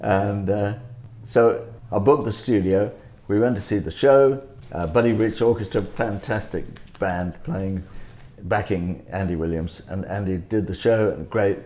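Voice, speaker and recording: Man, lowish voice, halting storyteller, casual chat. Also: warm tone. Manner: halting, repeats words.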